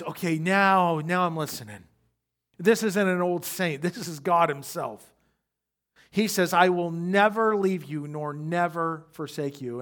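A man preaching a sermon who speaks straight to his congregation with questions and rises from quiet reflection to loud emphasis. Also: fairly high pitch. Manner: addresses the congregation directly with questions. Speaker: pastor.

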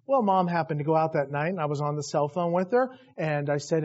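High-voiced animated male preacher. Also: fast, few pauses. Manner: animated storytelling, acts out voices. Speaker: pastor. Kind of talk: sermon. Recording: dull lo-fi recording.

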